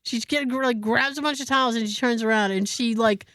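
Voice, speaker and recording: A woman podcast host telling a story in casual chat, animated, profane and self-mocking. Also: fairly high pitch, a little fast, no echo, clean studio sound.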